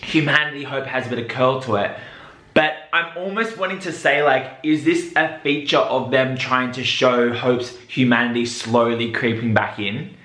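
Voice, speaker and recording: A man hosting a reaction video, talking casually and excitedly, breaking into high shrieks. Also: normal speed. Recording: roomy echo with faint music.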